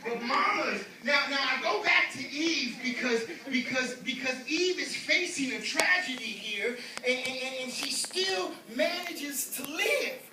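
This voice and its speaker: A man evangelist preaching a sermon in an animated, repetitive style, mixing in comic stories. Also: extremely high pitch, unhurried, few pauses, background noise. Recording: echoey hall, distant mic, congregation.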